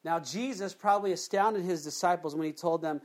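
A preacher in the middle of a sermon, talking in a loose, chatty way and throwing questions to the congregation. The voice sits at a middle pitch and leaps up sharply at times for emphasis. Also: brisk. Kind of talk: conversational sermon.

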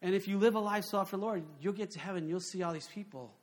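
A man with a high voice preaches a sermon. His delivery is animated and conversational, and he keeps asking the congregation rhetorical questions. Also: quick pace, few pauses. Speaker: pastor.

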